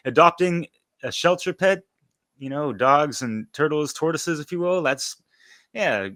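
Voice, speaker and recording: A man's voice: a little high, expressive, measured pace, a bit bright, no echo, studio quality. A man hosting a podcast interview, joking loosely and cursing casually while he introduces his guest. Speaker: podcast host. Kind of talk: casual chat. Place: broadcasting remotely.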